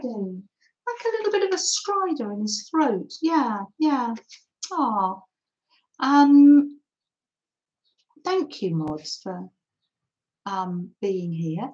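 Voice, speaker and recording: Slow, lilting woman hosting a craft stream. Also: fairly high pitch, sing-song, highs cut off. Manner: chatty, thinks aloud while working; reads out and thanks viewers' comments. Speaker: craft livestream host. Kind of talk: live mixed-media art demo.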